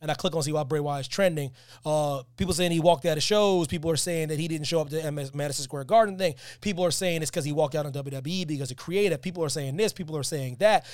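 A man's voice: on the high side, no echo, studio quality. A man hosting a podcast, talking in a casual, emphatic and slangy way, repeating his points. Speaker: podcast host.

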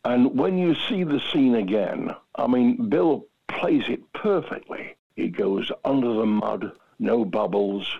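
Gravelly older man telling stories. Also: mid-range voice, takes it slowly, hardly any pauses. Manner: lively, repeats himself, frequent fillers. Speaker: retired stuntman guest. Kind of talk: anecdotal storytelling. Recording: dull lo-fi recording.

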